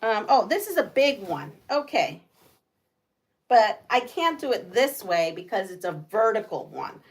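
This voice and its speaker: A woman's voice: medium pitch, very animated, unhurried, breathy edge. A woman hosting a casual livestream, chatting and laughing with viewers. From United States. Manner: chatty, laughs often, reads viewer comments aloud. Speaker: livestream host.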